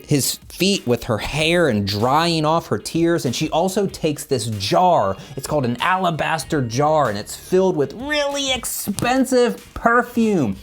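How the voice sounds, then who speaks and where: A middle-aged man teaching a children's Bible lesson, telling the story in an animated way and checking in with the kids as he goes. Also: a little high.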